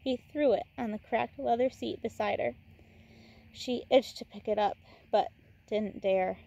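A woman teacher reading a novel aloud in a relaxed way, breaking off for chatty asides to her listeners. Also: a little high, unhurried, gravelly.

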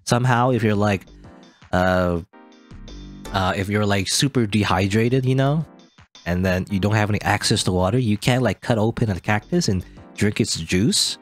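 A man's voice: fairly low pitch, normal speed, soft background music. A man reading a story game aloud and rambling off on casual asides full of fillers. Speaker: let's play host.

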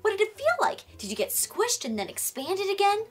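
A woman's voice: very high voice, big pitch swings, brisk, soft background music. A young woman in a teen series, rambling nervously. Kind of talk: teen web series acting.

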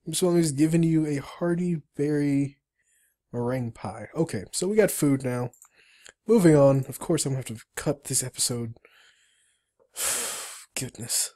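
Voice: medium pitch, expressive, moderate pace, mellow. A player walking through a game tutorial, reading the on-screen story aloud with chatty asides. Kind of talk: let's-play narration, reading game text aloud.

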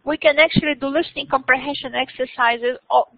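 A woman university lecturer talking to her students in an informal, animated way, with many restarts and questions put to the class. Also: high voice, brisk, no room sound, phone-quality sound.

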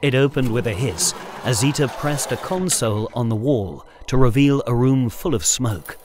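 A male narrator reads a science fiction audiobook at a measured storyteller's pace. His voice sits in a middle register, with a faint hiss of noise behind it. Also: mid-range voice. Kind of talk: scripted narration.

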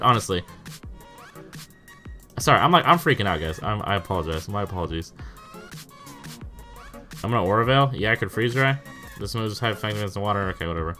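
A young man's fairly low voice comes across pushed, bright, and expressive as he gives a little fast, live commentary over an online game, pausing often, with faint music behind. The gaming YouTuber curses constantly, stammers in bursts, and exclaims in disbelief.

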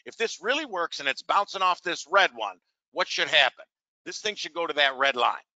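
A man's voice: fairly high pitch, lively intonation, normal speed, pushed and bright, dry recording, muffled recording. A man teaching trading on a live webinar. He talks with salesy energy, keeps asking rhetorical questions and calls his listeners "gang". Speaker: trading educator.

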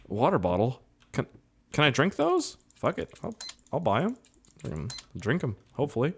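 A man's voice: mid-range voice, huge pitch swings, normal speed, vocal fry. A man giving casual, profane and rambling commentary while playing a driving game. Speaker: gaming YouTuber. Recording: loud game engine noise behind. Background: vehicle engine sounds from the game.

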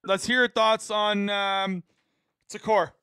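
High-voiced man hosting a casual panel. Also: takes it slowly, smooth, no room sound. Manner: animated, laughs often, repeats himself for emphasis. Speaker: host of a reaction stream.

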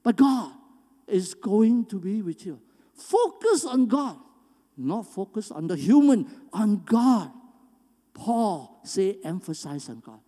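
A man's voice: high-pitched, big pitch swings, slow pace, mellow. A man preaching a sermon as pastor, earnest and emphatic. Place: church sanctuary. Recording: long hall reverb.

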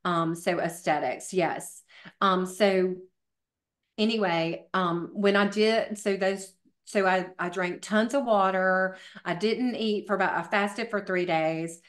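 A woman's voice: mid-range voice, fairly even intonation, slow. A middle-aged woman, a fitness professional and podcast guest, telling her story in a chatty way with many fillers. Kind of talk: casual interview storytelling.

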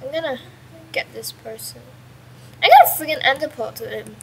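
A young woman casually commentating her own game at home, chatty and excitable, with sudden yelps and mild swearing. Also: high voice, moderate pace, vocal fry, background noise. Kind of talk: casual let's-play commentary. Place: at home with a pet dog nearby.

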